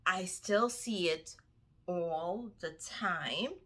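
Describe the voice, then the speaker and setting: A woman vlogger chats casually to her viewers at an unhurried, lingering pace. Her voice is bright and forceful, and she stresses points by repeating phrases. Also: lowish voice. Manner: animated, repeats phrases for emphasis, addresses viewers as y'all. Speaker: book vlogger. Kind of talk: casual chat to camera.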